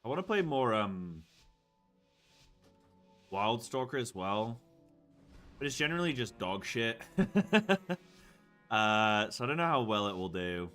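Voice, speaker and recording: A man's voice: mid-range voice, very animated, slow pace, pauses often, pushed and bright, faint music behind. A man streaming a game, chatting casually and muttering to himself as he picks options. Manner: rambling, mutters to himself while picking options. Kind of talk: casual gameplay chat.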